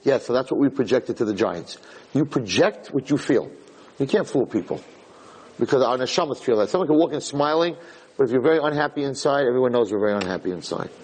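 Rabbi, lecture storyteller, husky mid-pitched voice, animated. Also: male voice, quick pace, low-quality recording. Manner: animated storyteller acting out dialogue.

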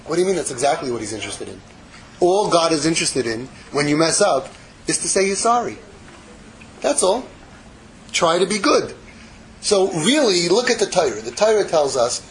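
A man giving a casual, animated Torah class, acting out little dialogues and dropping in Hebrew phrases. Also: high-pitched, fairly quick, poor audio. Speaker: Torah teacher.

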